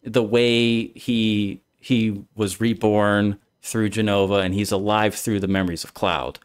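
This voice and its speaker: A man's voice: fairly low pitch, level tone, unhurried, clean tone. A man streaming a casual discussion, rambling through his explanation with many restarts. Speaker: streamer, host.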